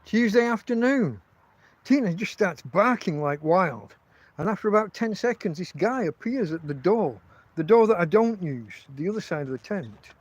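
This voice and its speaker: A man's voice: high voice, expressive, normal speed, no echo, lo-fi sound. An English man hosting a casual livestream from his tent, telling rambling, profane stories full of restarts. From England. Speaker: podcast host.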